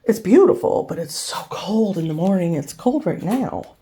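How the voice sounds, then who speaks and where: A woman chatting casually in a home vlog, relaxed and talkative, sometimes cooing to her dog. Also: lowish voice, normal speed, slight background noise. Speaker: vlogger. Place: home, indoors.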